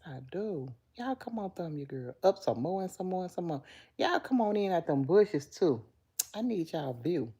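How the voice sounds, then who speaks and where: A woman's voice: sits low, a little mellow, slightly rough. Chatty Southern woman in her fifties. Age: 50s. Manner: chatty, greets viewers by name, playful. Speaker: livestream host. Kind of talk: casual live chat.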